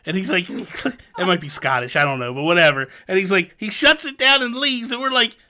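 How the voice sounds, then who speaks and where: A man's voice: high voice, normal speed, few pauses. A young man hosting a casual gaming podcast, telling stories with lots of laughter and mock exasperation. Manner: animated storyteller, laughs often, mock exasperation. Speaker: podcast host.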